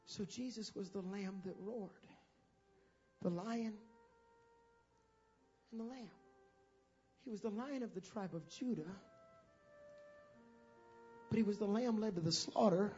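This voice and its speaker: A male preacher giving a sermon, swinging from hushed passages to loud, fervent ones. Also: sits high, a little slow, pauses often, muffled recording, faint music behind.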